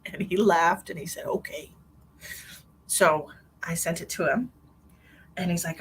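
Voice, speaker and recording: A woman's voice: on the low side, animated, moderate pace, long pauses, a little hiss or hum. A middle-aged woman hosting a live stream as a psychic medium, chatting in a rambling, bubbly way and laughing often. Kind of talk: casual live-stream chat.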